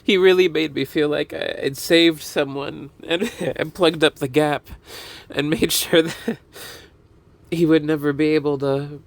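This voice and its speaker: Slow-talking man, laughing as he goes. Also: on the high side, steady tone, gravelly. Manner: laughs often, halting and repeating himself. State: breathless and dizzy. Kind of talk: personal storytelling.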